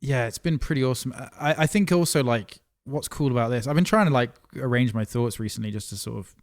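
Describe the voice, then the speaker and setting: Fast-talking man on a podcast. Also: medium pitch. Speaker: podcast co-host. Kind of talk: casual chat.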